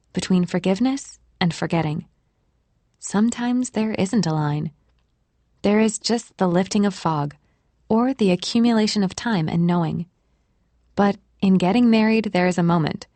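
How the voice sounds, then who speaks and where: Gentle female audiobook narrator, mid-pitched, dry studio sound. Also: no echo. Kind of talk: scripted narration.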